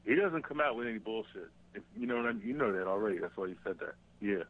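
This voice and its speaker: A man's voice: lowish voice, animated. Man on a tinny phone line. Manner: halting, repeats words. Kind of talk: casual political talk.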